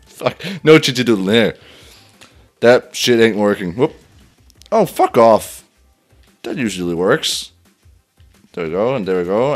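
Young man, let's play commentary, slow talker, lively pitch, laughs and swears a lot, faint music behind. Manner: swears a lot, laughs often, bursts into yelps of frustration. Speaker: gameplay commentator.

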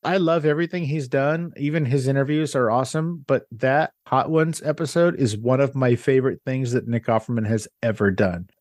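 A man's voice: mid-range voice, fairly quick, few pauses, darkish tone, no echo, clean studio sound. A man hosting a podcast, chatting casually and enthusiastically recommending shows. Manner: enthusiastic, plugs shows to listeners. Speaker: podcast host.

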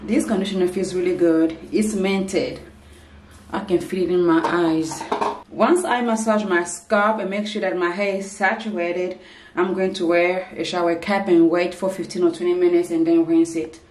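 A woman talks casually to her viewers at home, wandering from one thought to the next in a loose, chatty way. Her voice sits a little low. The room around her has a noticeable echo. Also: steady tone, moderate pace, darkish tone, a little hiss or hum. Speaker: lifestyle vlogger. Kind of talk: casual vlog chat to camera. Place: indoors at home. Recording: echoey room.

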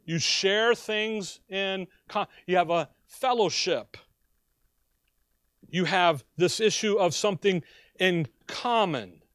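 A man's voice: high voice, slow, clear, resonant tone, dry recording, studio quality. A male pastor preaching a sermon to his congregation, asking them questions and telling personal stories. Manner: animated, asks the congregation questions. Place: church.

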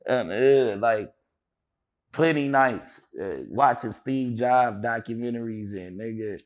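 A man's voice: mid-range voice, takes it slowly, dull audio. A man being interviewed, telling a long story in a rambling way, full of fillers and restarts, and acting out what others said. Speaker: interview guest. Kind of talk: casual storytelling.

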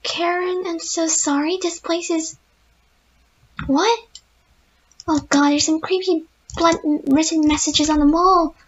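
A woman voicing a timid, gentle young female pegasus pony, playing a game in character and talking to herself with easily spooked, jittery chatter. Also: very high-pitched, fairly even intonation, slow pace, long pauses, dull audio. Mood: nervous, scared. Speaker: let's-play gamer in character.

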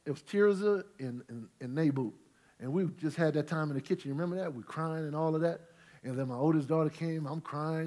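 A middle-aged male pastor preaching, swinging from quiet storytelling to loud, shouted praise. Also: fairly high pitch. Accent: St. Louis Black American Southern-tinged. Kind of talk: preaching a Bible study sermon. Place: church sanctuary with congregation.

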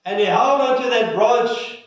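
A male pastor giving an earnest sermon and prayer with measured pauses, recorded in a church sanctuary. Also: extremely high pitch. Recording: echoey church from a distance.

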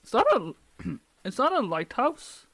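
A young man commenting on a horror game as he plays, often shouting, swearing and panicking. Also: very high voice, very animated, measured pace, noisy background. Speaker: gaming video host.

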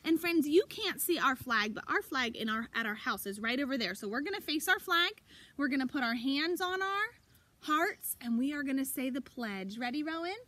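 Woman, preschool teacher, high voice, animated, encouraging, talking to small kids, outdoors. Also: normal speed, no room sound. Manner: animated, encouraging, speaks to young children. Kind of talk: child-directed circle time lesson.

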